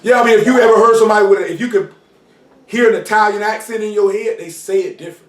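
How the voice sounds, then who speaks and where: A man preaching an informal sermon in street slang, often asking "you know what I'm saying" and shouting for emphasis. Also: high voice, quick pace. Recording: roomy hall, mic far off, faint noise.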